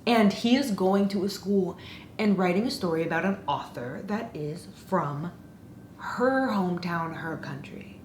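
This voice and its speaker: Woman, exasperated book rant, sarcastic, slow delivery, echoey room. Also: lowish voice, expressive, a little mellow. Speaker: book reviewer. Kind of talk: casual ranting book review. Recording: roomy echo with faint noise.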